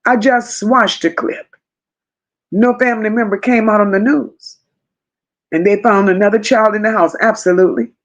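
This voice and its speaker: With a medium-pitched voice at a moderate pace, this live stream host reads the chat aloud. She responds emphatically, repeats phrases, and talks to viewers by name.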